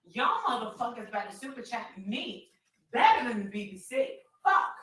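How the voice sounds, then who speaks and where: A woman hosting a livestream, loud and demanding, swearing constantly as she rants at her viewers. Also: on the high side, very animated, moderate pace, recorded from a distance, poor audio. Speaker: livestream host. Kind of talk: profane livestream rant.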